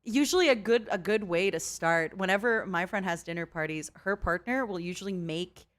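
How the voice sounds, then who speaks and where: A woman's voice: lowish voice, normal speed, fairly bright tone. A woman hosting a casual chat stream, bubbly and laughing often as she talks. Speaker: streamer host.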